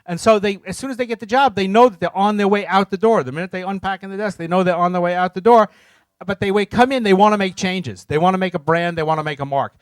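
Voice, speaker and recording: A man's voice: high-pitched, quick pace, smooth, dry recording. A middle-aged man co-presenting a seminar, giving blunt, joking advice and acting out little scenes in put-on voices.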